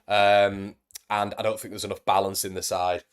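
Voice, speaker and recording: A man's voice: on the low side, little pitch movement, normal speed, clear, resonant tone. A young man hosting a football fan live stream, chatting casually and reading out viewer comments, calling everyone mate and buddy. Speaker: football fan channel host.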